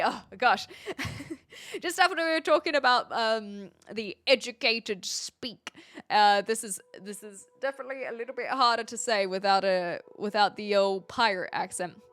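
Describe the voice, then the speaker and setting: A woman's voice: medium pitch, animated, normal speed, a bit bright. An American woman streaming a game, chatting casually, laughing often and answering chat. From United States. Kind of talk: casual live game commentary.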